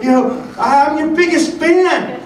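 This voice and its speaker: A man's voice: very high-pitched, slow pace, voice pushed up. A man doing an eager little boy fan. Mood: pleading. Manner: begging, wide-eyed. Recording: echoey hall from far off, background noise.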